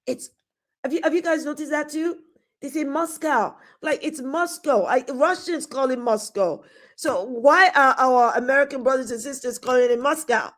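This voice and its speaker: A woman's voice: high-pitched, normal speed. A middle-aged woman hosting a live stream, chatting casually and greeting viewers by name with frequent laughs. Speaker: host of a live talk stream.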